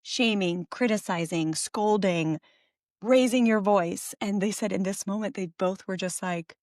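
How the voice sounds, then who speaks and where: A woman's voice: medium pitch, unhurried, darkish tone, no room sound, studio quality. A middle-aged woman co-hosting a parenting podcast, telling a story in a chatty, casual way with lots of fillers and self-corrections.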